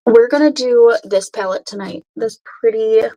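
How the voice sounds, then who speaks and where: A woman's voice: on the high side, moderate pace, mellow, dull audio. A woman in her thirties hosting a casual late-night makeup livestream from home, chatting with viewers and greeting them by name.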